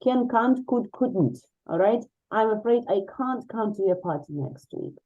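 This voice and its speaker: A woman's voice: fairly high pitch, animated, unhurried, narrow, tinny audio. A woman teaching an English grammar lesson over a video call, encouraging and explaining with repeated examples.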